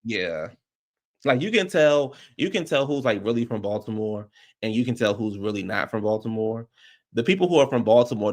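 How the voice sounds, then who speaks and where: A man's voice: fairly low pitch, animated, a little fast. A man hosting a livestream, chatting casually and rambling loosely with lots of fillers. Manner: rambling and loose, full of "like" and restarts. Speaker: livestream host. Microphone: streaming microphone.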